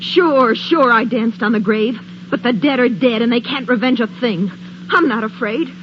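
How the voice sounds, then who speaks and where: A woman's voice: a little high, normal speed, natural voice. An actress playing a jittery, defiant young woman in a 1940s radio drama, speaking in a nervous, defensive way. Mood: defiant fear. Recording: dull old radio broadcast with clear hiss.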